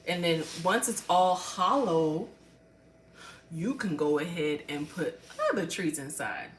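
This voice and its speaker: A woman's voice: low-pitched, lively intonation, slow, recorded from a distance. An older woman hosting a casual livestream, chatting straight to her viewers from home on a phone camera. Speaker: livestream host. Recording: echoey room, voice off-mic, faint noise.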